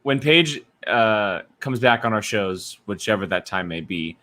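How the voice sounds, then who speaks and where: Animated, bright-voiced male host. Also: on the low side, measured pace. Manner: animated, laughs often, chatty. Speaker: podcast host. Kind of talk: casual live-stream chat.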